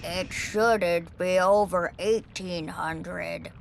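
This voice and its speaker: Woman doing a slow deep grumbling dragon. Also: steady tone, vocal fry, slight background noise, full character voice. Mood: stuffy. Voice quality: deep, slow, nasal from a cold. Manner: pompous, grumbling. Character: huge sick grumpy male dragon. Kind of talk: storybook character voice.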